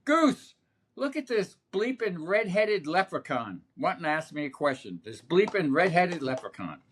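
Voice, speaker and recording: A man putting on the voice of a gruff veteran ballplayer who yells across a clubhouse to mock a newcomer. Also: sits high, big pitch swings, normal speed, voice pushed up, heavily acted. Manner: yelling across a room, mocking.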